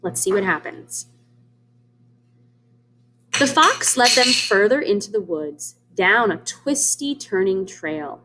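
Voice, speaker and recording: A woman reads a children's storybook aloud, pausing to explain words and ask the children what they think. Her voice moves up and down in a very lively, expressive way. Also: medium pitch, a little hiss or hum. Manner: warm, explains words to children, asks them questions. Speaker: teacher reading aloud. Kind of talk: children's read-aloud lesson.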